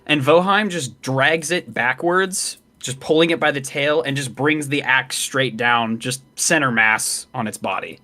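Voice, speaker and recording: Excited man describing game moves. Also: mid-range voice, a little slow, hardly any pauses. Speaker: player. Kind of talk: casual tabletop play.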